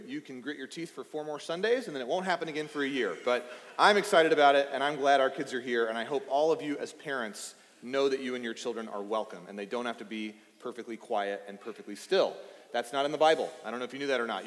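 A man in his thirties from East Texas, preaching a casual, playful sermon and talking with the children in the congregation. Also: mid-range voice. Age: 30s. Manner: playful and chatty, addressing children. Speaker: pastor. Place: church sanctuary. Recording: reverberant hall.

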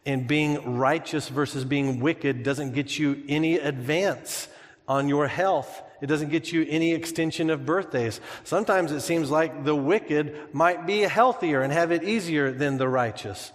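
A man's voice: fairly high pitch, a little slow. Man preaching in a reverberant sanctuary. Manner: conversational preaching with humor and anecdotes. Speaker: pastor. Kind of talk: sermon. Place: church sanctuary. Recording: long hall reverb.

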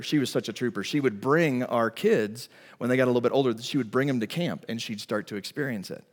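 A middle-aged man preaching a sermon as pastor, telling stories in an animated, emphatic way. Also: fairly high pitch, long reverb tail.

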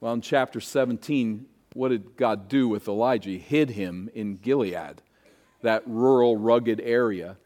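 Guy preaching a sermon, mid voice, gets loud and dramatic then goes quiet. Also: mid-range voice, a little slow. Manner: dramatic preaching, rising to emphatic peaks and dropping to hushed asides. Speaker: pastor.

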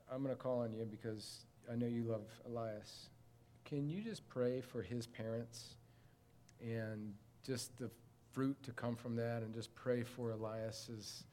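A man's voice: mid-range voice, mellow, a little hiss or hum. A man leading a midweek church class, talking through scripture in a conversational way and calling on members by name. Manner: conversational, calls on people by name, builds to impassioned emphasis. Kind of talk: informal sermon and discussion.

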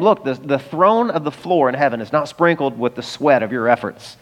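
Animated male preacher in a reverberant hall. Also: medium pitch, a little fast, hardly any pauses. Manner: animated storytelling, acting out scripture voices with humor. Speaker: pastor. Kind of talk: sermon.

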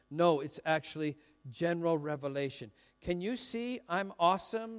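Middle-aged man, pastor, humorous sermon, chatty self-mocking storytelling, high voice, long hall reverb.

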